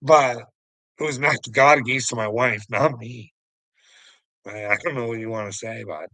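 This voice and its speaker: Gravelly, mocking man with a chuckle. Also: mid-range voice, moderate pace, bright, forceful tone, dry recording, poor audio. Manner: mocking, chuckling often, calls the listener "bud"; profane and taunting. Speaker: vlogger answering a critic. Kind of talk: casual rambling rant.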